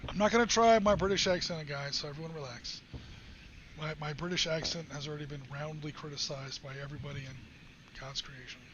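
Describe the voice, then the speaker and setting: A man hosting a live wargame stream, chatting, joking and explaining rules in a casual way. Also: a little high. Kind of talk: casual chat while explaining game rules. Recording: slightly dull stream audio with faint hiss.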